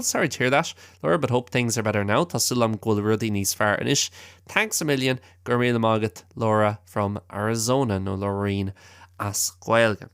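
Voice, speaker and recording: A man from Galway with an Irish accent, hosting a language-learning podcast, chatting casually and restating each point slowly a second time. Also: fairly low pitch, a bit bright, clean tone, dry recording, clean studio sound. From Galway, Ireland. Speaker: podcast host and language teacher. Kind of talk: casual teaching chat, reading listener mail.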